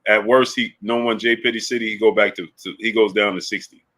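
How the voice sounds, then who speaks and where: A man's voice: on the low side, fairly even intonation, fairly quick, fairly bright tone. A young man co-hosting a casual live sports stream, giving emphatic predictions and repeating his pleas to viewers. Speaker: co-host answering viewer comments.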